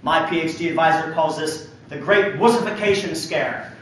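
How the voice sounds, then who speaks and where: A man with a rather high voice delivers a public lecture, building his points with emphatic storytelling and the odd wry joke. He is picked up from a distance in a large hall, so his words ring with heavy echo. A faint hum of room noise sits underneath. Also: moderate pace. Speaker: university lecturer. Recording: echoey hall from far off.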